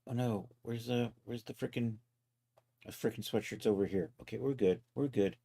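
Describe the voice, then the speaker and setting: A man casually talking himself through each step of a software task on a live stream, loose and self-mocking. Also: medium pitch, normal speed, gravelly, breathy edge. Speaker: livestreaming 3D content creator.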